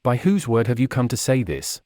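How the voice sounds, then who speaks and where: A man's voice: medium pitch, very animated, normal speed, mellow, dry recording, close to an everyday voice. A humble, nervous monk pleads earnestly with his captors, voiced by a man reading a storybook. The sound is dry and close. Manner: earnest, troubled.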